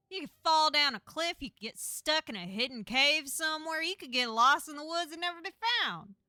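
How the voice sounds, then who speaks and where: Bossy male cousin who scolds and lays down rules, raised bright voice, acted by a woman. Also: high-pitched, no echo, clean studio sound, pitched above the performer's own voice, heavily acted. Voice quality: loud, scolding, rapid-fire.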